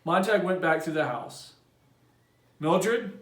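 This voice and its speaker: A man, a teacher, reading a novel aloud to his class in a plain, steady storytelling voice. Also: mid-range voice, normal speed. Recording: roomy echo.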